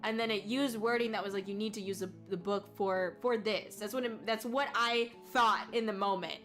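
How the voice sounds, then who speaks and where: Young woman, streamer, casual rambling chat, many fillers, frequent laughs, bright voice, faint music behind. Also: mid-range voice, moderate pace. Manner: rambling storytelling with frequent fillers and self-restarts; laughs often and gets loud when excited. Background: faint background music.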